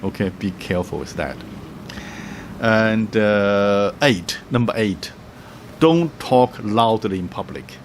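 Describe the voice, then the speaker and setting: A man giving travel tips in a casual, halting way, with many fillers, restarts and frequent chuckles. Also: fairly low pitch, animated, slight background noise. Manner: chuckles often, acts out little quoted voices. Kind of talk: casual explaining to camera.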